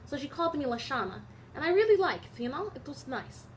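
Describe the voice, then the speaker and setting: A woman's voice: sits high, animated, quick pace, a little hiss or hum. A young American woman vlogging, telling a story casually with many digressions and fillers. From United States. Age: young adult.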